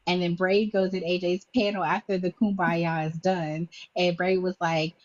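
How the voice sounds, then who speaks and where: A woman's voice: fairly low pitch, little pitch movement, no room sound, highs cut off. A woman in casual chat, recapping a chain of online arguments and acting out what each person said. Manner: rapid storytelling, acting out quotes. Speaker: recapping livestream drama for a panel.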